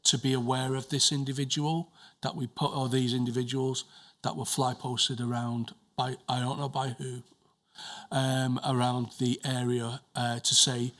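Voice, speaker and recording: A man testifies as a witness in a hearing room, answering slowly and carefully. His voice is bright and forceful. He restarts his sentences often and repeats words while he searches for the right phrasing. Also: mid-range voice, level tone. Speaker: witness giving evidence. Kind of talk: answering questions at a formal inquiry.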